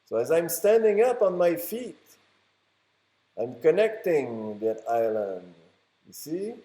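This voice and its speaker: French canadian guy narrating his beach vlog, kinda high voice, slow and chatty. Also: sing-song, warm tone. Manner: chatty, rambling, teasing asides. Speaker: vlogger. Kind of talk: casual on-camera narration. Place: outdoors on a beach by the water. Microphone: handheld camera mic.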